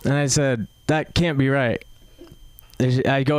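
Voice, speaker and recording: A man's voice: medium pitch, fairly even intonation, a little slow, clean tone, dry recording. A young man from Seattle doing an open mic stand-up set, rambling with fillers and laughing at his own jokes. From Seattle, USA. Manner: rambling, filler-heavy delivery with self-amused laughs. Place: comedy club stage.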